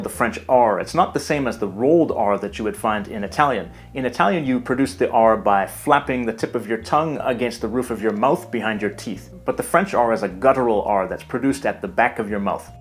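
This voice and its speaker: A man giving a scripted language lesson in a measured, explanatory way. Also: medium pitch, faint music behind. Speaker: language teacher. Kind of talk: scripted educational narration.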